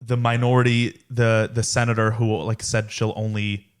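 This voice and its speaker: A man's voice: lowish voice, little pitch movement, normal speed, smooth. A young adult man co-hosting a casual podcast, chatting loosely with lots of "like" fillers. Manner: casual, fills with "like". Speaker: podcast co-host, son.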